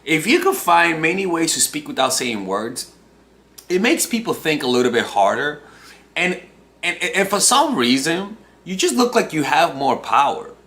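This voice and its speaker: A man's voice: on the high side, big pitch swings, moderate pace, pushed and bright. A man in his twenties, a dating coach talking casually to camera, restarting phrases and often tagging on "right?". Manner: talks in loose restarts and checks in with "right?".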